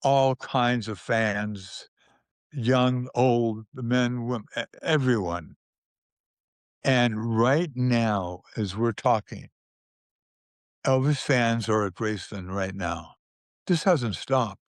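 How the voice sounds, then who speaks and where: An older man, a guest in an interview, tells stories from his past at a slow, easy pace. He often restarts a phrase and chuckles softly. His voice sits in a middle register and is recorded close and dry, with no room sound. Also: mid-range voice, no room sound. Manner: unhurried storyteller, with frequent restarts and chuckles. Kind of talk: telling anecdotes in a conversational interview.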